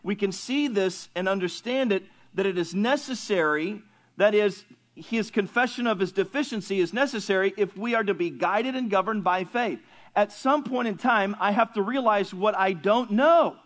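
A man's voice: sits high, normal speed. A pastor teaching a Bible class in a conversational sermon style, asking his listeners questions and joking with them.

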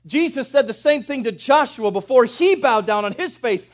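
Guy preaching a sermon, really high voice, talks right at the congregation and builds up. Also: expressive, normal speed. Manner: addresses congregation directly, builds in intensity. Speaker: pastor.

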